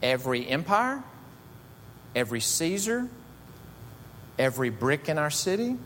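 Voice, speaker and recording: A male pastor delivering a sermon with a slightly high voice that climbs sharply on stressed words. The sound carries a long hall reverb with a faint low rumble underneath. His delivery is emphatic and builds in intensity. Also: sing-song, unhurried, fairly bright tone. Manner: emphatic, rising to high bursts on key words.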